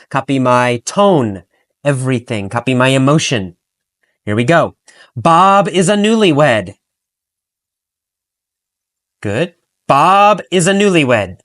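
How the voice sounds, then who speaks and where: A man's voice: on the high side, fairly bright tone, dry recording, clean studio sound. A man teaching an English lesson, telling a story through repeated questions and answers and asking listeners to repeat key phrases.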